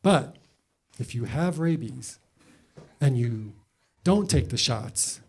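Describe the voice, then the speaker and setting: A man's voice: mid-range voice, animated, slow pace, a little mellow, slightly rough, pitched below the performer's own voice, heavily acted. A man voicing a hesitant male doctor who hedges every word. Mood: deadpan warning. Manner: hesitant, piles up hedging words. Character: hedging, evasive male doctor.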